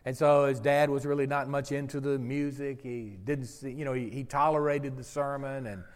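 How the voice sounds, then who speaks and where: Animated preacher in a reverberant church. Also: male voice, medium pitch, moderate pace, smooth. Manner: animated storyteller, gets loud and drawn out for emphasis. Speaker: pastor. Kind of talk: sermon with humorous stories. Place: church sanctuary with congregation. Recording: long hall reverb.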